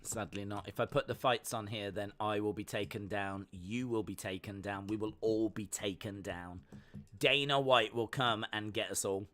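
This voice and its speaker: A man's voice: lowish voice, steady tone, normal speed, fairly bright tone. A man hosting a fight-night watch-along stream, chatting casually, reading chat messages and making jokey asides.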